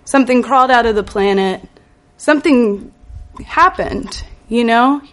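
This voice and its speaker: A woman's voice: fairly high pitch, measured pace. A woman telling a personal story on stage at a live show, self-mocking and often breaking into laughter.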